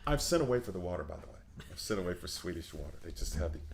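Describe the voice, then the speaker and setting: A middle-aged man, an opera singer, telling stories in a casual interview, animated and laughing often. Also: deep voice, racing, vocal fry, crowd noise.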